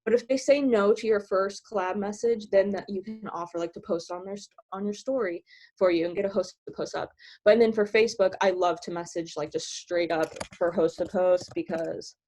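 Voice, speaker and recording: Giggly woman on a video call, talks fast, says like a lot, middle pitched voice, casual coaching vibe. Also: steady tone, a little mellow. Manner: bubbly, giggly, filler-heavy with many "like"s. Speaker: team trainer sharing sales tips.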